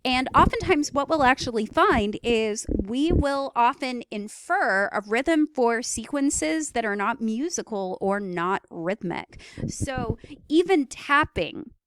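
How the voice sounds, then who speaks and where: A woman gives a recorded lecture in a smooth, resonant voice set a little high. She explains things step by step with frequent fillers. The sound is dry and close. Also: lively intonation, unhurried, hardly any pauses, no room sound. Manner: explanatory, with fillers and vocal demos of rhythms.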